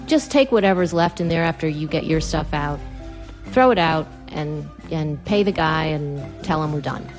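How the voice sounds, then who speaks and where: A woman with a fairly low voice recounts a personal story with plenty of animation. She slips into her own quoted lines with quick jumps in pitch, and soft music sits faintly underneath. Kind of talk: personal story told to an audience.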